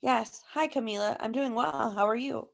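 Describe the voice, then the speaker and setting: A woman's voice: fairly high pitch, normal speed, creaky. A woman voicing a friendly, polite mother in a storybook read-aloud. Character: warm busy mother packing for a trip.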